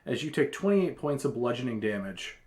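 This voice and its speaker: A man's voice: medium pitch, very animated, brisk, darkish tone, slight background noise. A man narrating scenes and outcomes as the game master of a tabletop role-playing game.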